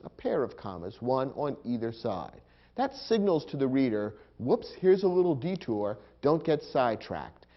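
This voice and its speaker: A man narrates an educational lesson in a patient, explanatory way, and his pitch rises and falls a lot as he stresses points. The recording sounds a little dull and lo-fi. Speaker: teacher. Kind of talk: scripted instructional narration.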